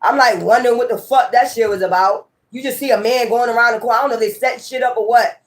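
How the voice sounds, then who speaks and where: A high-voiced woman talks to her viewers as a tarot reader in a loose, heated monologue. She presses her points hard, swears freely and circles back to the same phrases again and again. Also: fairly even intonation, quick pace. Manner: emphatic, profane and repetitive. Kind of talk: casual ranting monologue.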